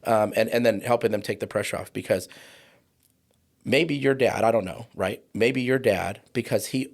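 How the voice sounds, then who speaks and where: Fired-up guy in his 40s, gravelly, preachy, slows way down to hit a point. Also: on the low side. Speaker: podcast guest, trauma coach. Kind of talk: impassioned conversational podcast talk.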